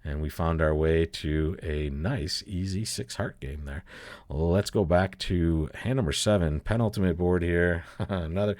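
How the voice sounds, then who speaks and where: A man's voice: sits low, moderate pace, a little mellow, dry recording, clean studio sound. A man giving a casual bridge lesson while he plays, thinking aloud, laughing often and calling his listeners folks. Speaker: bridge teacher. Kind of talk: casual play-along bridge lesson commentary.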